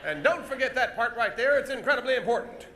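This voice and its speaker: A man hosting a live comedy show, teasing volunteers from the audience with loud stage patter. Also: extremely high pitch, animated, quick pace, slight background noise. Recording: echoey venue with music and crowd.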